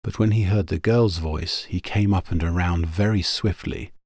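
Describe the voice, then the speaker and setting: A man narrating a pulp science-fiction story in a steady, measured audiobook reading. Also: deep voice, dry recording, studio quality.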